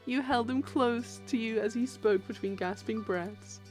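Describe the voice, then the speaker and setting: A woman streamer reading a dating game aloud and reacting, excitable, squealing and laughing often. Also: on the high side, a little slow, soft background music. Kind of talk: live game read-along and commentary.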